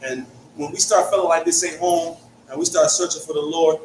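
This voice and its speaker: High-voiced Connecticut man teaching scripture. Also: flat delivery, fairly quick. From Hartford, Connecticut. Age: young adult. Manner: conversational, peppers points with "right?". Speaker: Bible teacher. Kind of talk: Bible study teaching. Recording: echoey room, mic far off, faint hiss.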